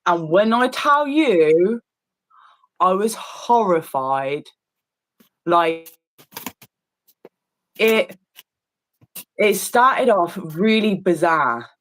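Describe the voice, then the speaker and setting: A woman's voice: on the low side, very animated, extremely slow, long pauses, a bit bright, poor audio. A woman in casual chat on an art stream, telling a long story with many fillers and restarts, sounding incredulous and disgusted. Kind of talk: casual chat while painting.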